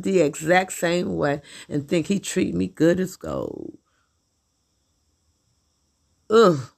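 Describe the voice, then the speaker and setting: A woman's voice: fairly low pitch, vocal fry. A middle-aged woman venting in a blunt, profane, repetitive monologue about her husband. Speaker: vlogger.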